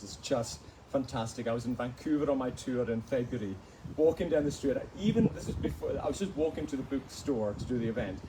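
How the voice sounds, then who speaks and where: A man with a Hebridean Scottish accent speaks at a middling pitch, chatting warmly through anecdotes at a live bookstore event and breaking into laughter as he tells them. The recording carries a clear hiss of background noise throughout. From Outer Hebrides, Scotland. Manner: chatty storyteller, laughs often. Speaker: guest author. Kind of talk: live book event conversation.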